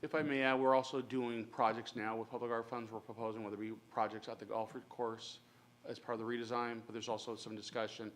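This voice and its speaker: A man's voice: medium pitch, level tone, quick pace, fairly bright tone. A man speaking as city manager at a public meeting.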